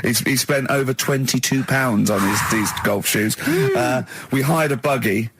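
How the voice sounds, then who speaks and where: A man's voice: mid-range voice, big pitch swings, unhurried, noisy background. A man hosting a casual comic chat, teasing and giggly. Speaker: radio host.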